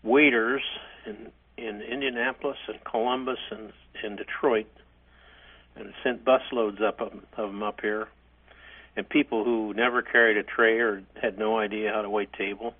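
An older man, a hotel chairman, telling stories from his career in a halting, rambling way with frequent restarts. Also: on the low side, fairly even intonation, narrow, tinny audio. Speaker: interview guest, hotel chairman. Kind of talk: reminiscing interview.

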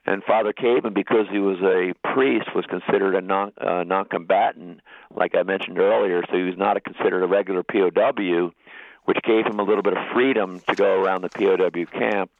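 A bishop telling stories as a guest in a radio interview, earnest and halting with restarts. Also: male voice, deep voice, steady tone, no echo. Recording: tinny phone line.

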